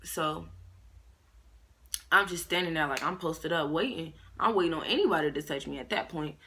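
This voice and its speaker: A woman's voice: low voice, normal speed, a little hiss or hum. A young woman vlogger telling a story in a casual, slangy way, acting out other people's lines. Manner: animated, slangy, acts out quotes in raised voices.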